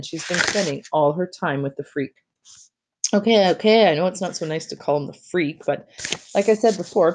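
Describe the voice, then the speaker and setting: Brief: casual storybook reader, kid-like delivery, warm and mellow. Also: mid-range voice. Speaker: audiobook reader. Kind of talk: reading a children's novel aloud, first-person narration.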